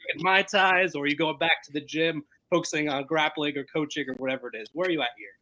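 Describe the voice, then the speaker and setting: A man's voice: on the high side, fast talker, bright, forceful tone, low-quality recording. A man co-hosting a podcast, asking questions in a joking, upbeat way. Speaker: podcast co-host. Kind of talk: casual podcast talk.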